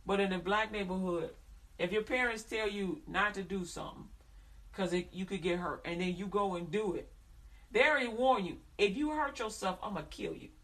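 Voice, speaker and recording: Bright-voiced woman preaching. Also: mid-range voice, moderate pace, recorded from a distance. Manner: animated storytelling, acting out family voices, chanting prayers. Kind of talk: sermon.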